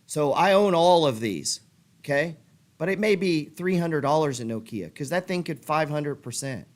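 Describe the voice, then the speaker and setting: A middle-aged man with a fairly high voice rants about trading, swearing and pushing hard. He talks at a desk mic by his computer. His voice climbs and gets louder as he works himself up. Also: expressive, normal speed. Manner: fired-up, swearing, pushy. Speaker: trading show host. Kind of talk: profane motivational rant.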